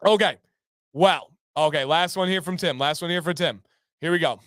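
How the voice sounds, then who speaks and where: A man's voice: on the high side, moderate pace, fairly bright tone, no echo, clean studio sound. A man hosting a casual livestream, reading out chat comments in an upbeat, playful way. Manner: upbeat, reads chat aloud and breaks into playful raps. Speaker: livestream host.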